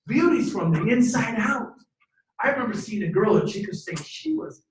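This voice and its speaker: Man, fifties, motivational speaker, high voice, preachy and jokey, shouty bursts, distant mic, echoey room. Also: big pitch swings, normal speed. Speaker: motivational speaker at a team training event. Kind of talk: energetic motivational talk to a live audience.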